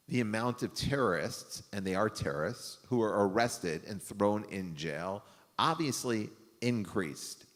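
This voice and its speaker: A low-voiced man talks as a rabbi, telling a story in a loose, rambling way. He uses lots of fillers and corrects himself as he goes. His voice carries the long reverb of a synagogue hall. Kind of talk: casual storytelling talk.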